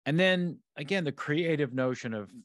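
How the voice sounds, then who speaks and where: A man hosting a podcast, talking through an episode in a measured, analytical way, often restarting his sentences. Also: on the high side, dry recording, clean studio sound. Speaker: podcast host. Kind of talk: episode discussion.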